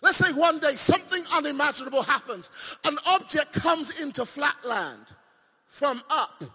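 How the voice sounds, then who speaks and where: A man preaching a sermon. He swings from shouted declarations to low, drawn-out asides, and he keeps questioning the audience and repeating himself. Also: expressive, big-room sound. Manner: asks the audience questions and leans on repetition.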